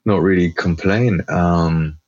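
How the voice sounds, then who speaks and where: A man chatting as a guest on a podcast, animated and talkative, with lots of fillers and restarts. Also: low voice, slow, no room sound, lo-fi sound. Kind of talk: casual podcast chat.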